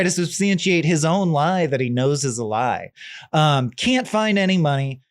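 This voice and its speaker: A man's voice: fairly high pitch, moderate pace, dry recording. A man co-hosting a podcast, casually recapping a movie plot and acting out the characters' lines as he goes. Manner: animated, acts out characters' lines while recapping. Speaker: podcast co-host. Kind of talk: casual film discussion.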